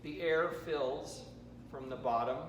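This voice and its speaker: An American man leading a choir rehearsal warm-up, giving chatty instructions with joking asides. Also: medium pitch, slow. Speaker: choir vocal coach. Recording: roomy hall, from far off, noisy.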